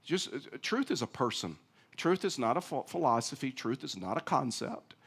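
A man preaching a sermon, swinging from emphatic, loud stretches with acted-out quotes down to low, quiet ones. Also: very animated, normal speed, creaky, slightly rough. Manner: rising to emphatic, acting out quoted voices, then dropping low and quiet. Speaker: pastor.

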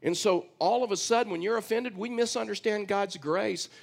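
A man's voice: high-pitched, moderate pace, gravelly. A man from Texas with a Texan accent, preaching a conversational, storytelling sermon as pastor.

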